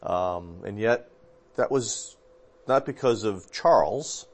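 A man's voice: fairly low pitch, slow pace. A man, a pastor, talking through theology in a casual discussion, rambling a little and correcting himself as he remembers. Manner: relaxed, rambling, with fillers and self-corrections.

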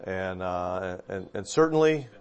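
A man's voice: deep voice, unhurried, clean tone, highs cut off. A man, a pastor, talking through theology in a casual discussion, rambling a little and correcting himself as he remembers. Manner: relaxed, rambling, with fillers and self-corrections.

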